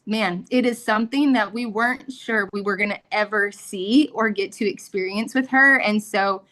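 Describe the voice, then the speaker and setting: A woman's voice: medium pitch, moderate pace, fairly bright tone. Earnest mother sharing a testimony. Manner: earnest, emotional, with frequent fillers. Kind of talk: heartfelt personal testimony.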